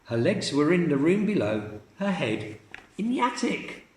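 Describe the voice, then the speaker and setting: Slow, expressive male storyteller. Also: a little high, echoey room, slight background noise. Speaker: teacher. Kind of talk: reading a storybook aloud to children.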